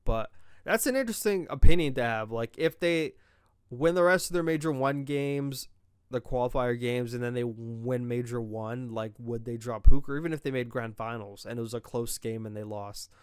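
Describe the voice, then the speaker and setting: Young male podcast host, rambling and opinionated, smooth resonant voice, dry close mic. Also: mid-range voice, normal speed, no room sound. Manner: rambling, opinionated, self-interrupting. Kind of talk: casual solo esports commentary.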